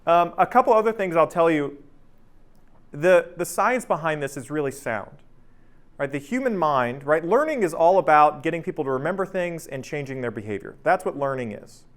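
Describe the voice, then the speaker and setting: At a moderate pace and a slightly high pitch, a man in his thirties guides a training session at work. The tone is casual and conversational; he frequently tosses in "right?" and acts out stories with lots of energy.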